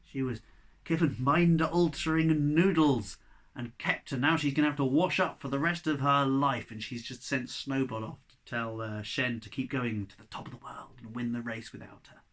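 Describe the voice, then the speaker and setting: A man reading a children's book aloud with animated, expressive storytelling. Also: medium pitch, moderate pace.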